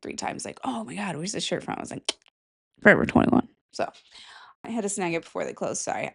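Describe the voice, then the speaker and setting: A young woman hosting a casual podcast, rambling, swearing freely and laughing at herself. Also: fairly high pitch. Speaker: podcast host. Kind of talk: casual chat.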